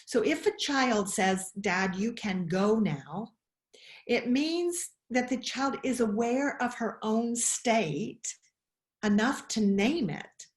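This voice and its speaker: A woman giving a webinar talk on child emotions, expressive, often asking questions. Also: on the high side, slow. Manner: expressive, acts out quoted voices, asks questions. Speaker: webinar speaker. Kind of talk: animated talk. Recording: roomy echo.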